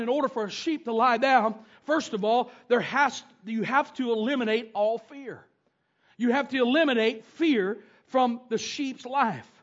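High-voiced preacher, lo-fi. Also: male voice. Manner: animated storytelling with down-home grammar. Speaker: pastor. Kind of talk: sermon. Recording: dull lo-fi sound.

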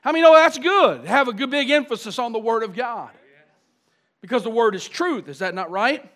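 A man's voice: very high voice, expressive, normal speed, a bit bright. A pastor preaching a sermon. He often asks the congregation questions and builds emphasis through repetition.

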